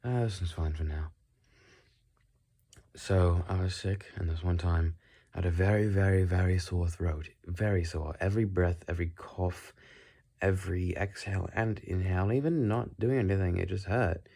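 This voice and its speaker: Man, put-on British accent, low mellow voice, calm rambling musings, dry-mouthed. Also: normal speed, gravelly. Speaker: video creator. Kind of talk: rambling solo monologue.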